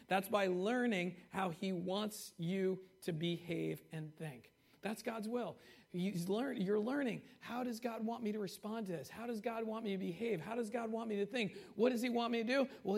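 A man preaching a conversational sermon as pastor, slowing down to stress key points and often asking the congregation "right?" and "okay?". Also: high-pitched, vocal fry. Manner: slows down for emphasis on key points.

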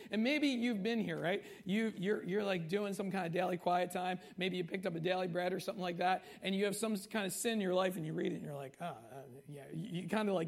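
Pastor guy giving a chatty sermon, kinda high voice with gravel in it, keeps checking in with the crowd. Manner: conversational, frequent "okay?" and "right?" asides; slows down for emphasis on key points.

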